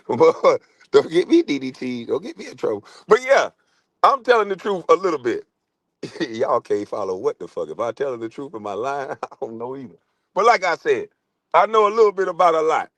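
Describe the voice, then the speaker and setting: A man hosting a casual live stream, brash and mocking as he roasts people and swings into loud, high put-on voices. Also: dry recording. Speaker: livestream host.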